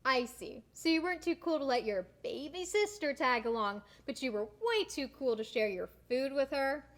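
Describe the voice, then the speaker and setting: A young woman playing a small-town younger sister, who needles her brother in a blunt, teasing way. Her voice sits a little high, as in a student stage play. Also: expressive, moderate pace. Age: young adult. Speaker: actor.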